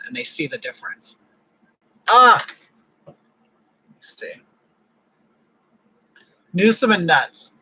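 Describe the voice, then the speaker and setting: High-voiced husky man ranting. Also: bright, forceful tone, poor audio. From California. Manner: ranting, blunt, opinionated. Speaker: livestream host. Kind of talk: casual livestream chat.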